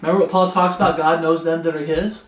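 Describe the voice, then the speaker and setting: A man preaching in a high, emphatic voice, repeating his warnings over and over and reading scripture aloud. His sermon rings out in a noticeably echoey room. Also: steady tone, fast. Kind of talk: expository Bible sermon.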